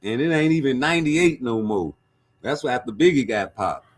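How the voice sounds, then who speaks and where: Animated man hosting a boxing livestream. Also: medium pitch, normal speed. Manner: animated, profane, joking banter with chat. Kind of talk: casual livestream commentary.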